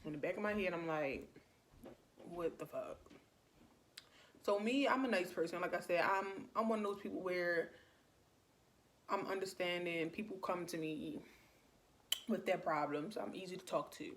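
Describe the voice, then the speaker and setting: A young woman tells a storytime in a casual, rambling way, with "like" dropped into nearly every line and her voice sitting a little low. Faint noise hums behind her. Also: moderate pace. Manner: chatty, many "like" fillers, animated retelling. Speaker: vlogger.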